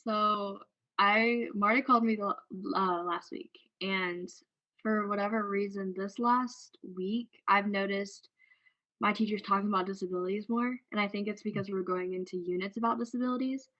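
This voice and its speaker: A teenage girl on a panel, telling about her school day in an animated way. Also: mid-range voice, moderate pace, dull audio. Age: teens. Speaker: student panelist. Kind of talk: panel discussion.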